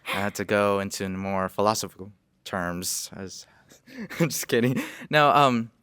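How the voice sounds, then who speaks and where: Young man, podcast host, low smooth voice, rambling casual questions, dry sound. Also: animated, unhurried, fairly bright tone, dry recording. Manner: rambling, self-correcting, apologetic asides. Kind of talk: casual interview.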